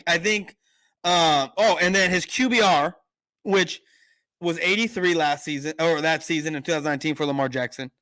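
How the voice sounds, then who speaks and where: A man's voice: high voice, sharp tone. A man hosting a casual sports live stream, rambling and argumentative. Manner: rambling, lots of fillers and restarts, argumentative.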